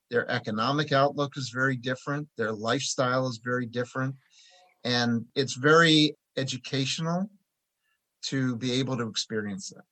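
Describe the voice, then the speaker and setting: A man from Philadelphia tells stories in a relaxed, chatty way, as a guest on an interview show. His voice sits at an ordinary middle pitch. He talks about his work preparing taxes in an easy conversational tone. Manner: chatty anecdotal storyteller, animated when telling jokes.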